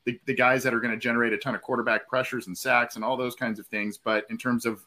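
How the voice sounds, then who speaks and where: Man with a bright, sharp tone, calmly analytical sports podcast co-host. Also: mid-range voice. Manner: measured, analytical breakdowns. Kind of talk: casual sports podcast chat.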